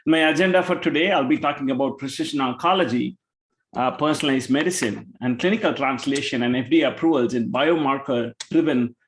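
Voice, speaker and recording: Man presenting in an echoey room. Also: mid-range voice. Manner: measured, with filler pauses. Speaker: invited speaker. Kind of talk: scientific presentation. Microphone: video call. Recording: roomy echo.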